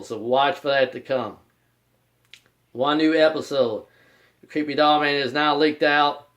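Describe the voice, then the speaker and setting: Rambling man hosting his video channel. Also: on the high side. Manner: rambling and repetitive, calls himself by his channel name in the third person. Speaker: YouTube channel host. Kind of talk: casual vlog announcement.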